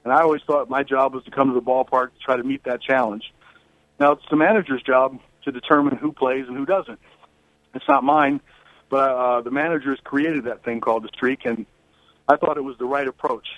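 A middle-aged man talking as a guest on a radio show over the phone, relaxed, with many fillers and restarts. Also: medium pitch, a little fast, no room sound. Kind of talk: phone interview. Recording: tinny phone line.

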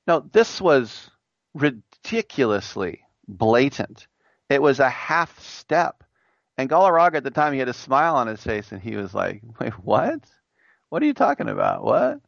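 Lively middle-aged male sports talk host. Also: fairly low pitch, no echo, muffled recording. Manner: animated, jokey, acts out quoted voices. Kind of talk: solo sports talk monologue.

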